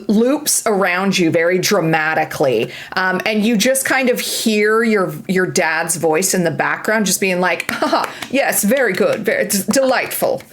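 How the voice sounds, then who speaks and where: Chatty woman running a tabletop game. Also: mid-range voice. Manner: chatty, playful, lots of fillers and restarts. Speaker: game master.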